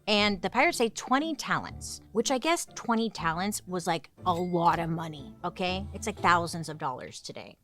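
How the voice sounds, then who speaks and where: A woman's voice: mid-range voice, fairly bright tone. A young woman hosting comedic history storytelling, chatty and sarcastic, with dramatic swings. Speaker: host.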